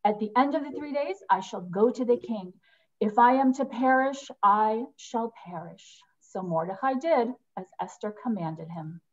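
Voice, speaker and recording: A woman reading a scripture story aloud in a measured way, giving voice to quotes. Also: a little high, expressive, lo-fi sound.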